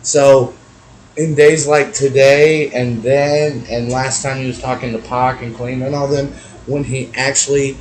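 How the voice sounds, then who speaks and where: A hoarse man co-hosting a casual chat, laid-back with dry asides. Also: medium pitch, flat delivery, measured pace, slight background noise, low-quality recording. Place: room with echo.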